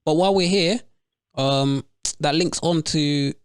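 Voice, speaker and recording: A man's voice: fairly high pitch, a little slow, clear, resonant tone, dry recording, studio quality. A man, hosting a casual podcast chat and telling stories in slang. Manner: slangy storytelling, mimics voices. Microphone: remote call, close mic.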